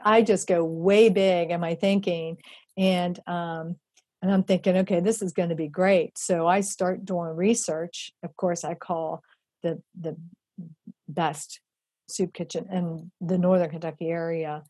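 Mellow husky woman telling a story. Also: fairly low pitch, measured pace, no echo. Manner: animated, acts out quoted voices, many fillers. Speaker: charity founder telling her story. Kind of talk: personal storytelling.

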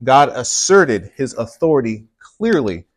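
A man's voice: mid-range voice, big pitch swings, measured pace, no echo. A man preaching a sermon to a congregation, pressing hard on key words and asking the room to respond. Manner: emphatic, punches key words, talks with the congregation. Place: church with congregation.

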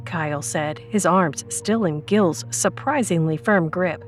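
A woman tells a scripted story in a slow, measured narrator's voice, pitched on the low side. She paces each sentence with care. A soft music bed runs faintly beneath her. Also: steady tone.

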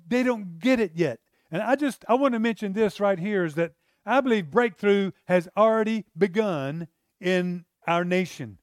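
A man's voice: high-pitched, no echo, clean studio sound. A man preaching a sermon in a conversational way, acting out the lines of the people in the story. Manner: conversational, acts out the disciples' lines in character.

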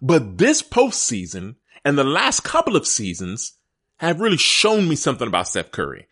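A man's voice: mid-range voice, huge pitch swings, normal speed, fairly bright tone. A middle-aged man hosting a casual sports podcast, emphatic and laughing often as he talks straight to his listeners. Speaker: podcast host.

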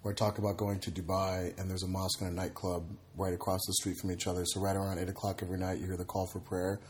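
A man's voice: low-pitched, level tone, fast talker, slight background noise. A man, a comedian and podcast guest, chatting casually and acting out voices in his stories. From Egypt / United States. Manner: storytelling, acts out voices in anecdotes.

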